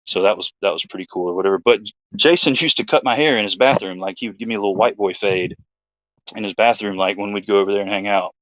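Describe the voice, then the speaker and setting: A man's voice: fairly low pitch, fast talker, a bit bright, no echo, muffled recording. A man, hosting his own show, telling a story in a rambling, laid-back chat full of fillers. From Georgia, USA. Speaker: host.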